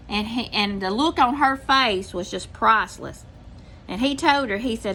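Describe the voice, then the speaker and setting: A woman's voice: a little high, normal speed, bright, forceful tone, slight background noise. An older woman with a Southern US accent, casually telling a long story to her viewers and acting out what people said. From Mississippi, US. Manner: chatty, drawling, acts out quotes. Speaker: channel host telling a story.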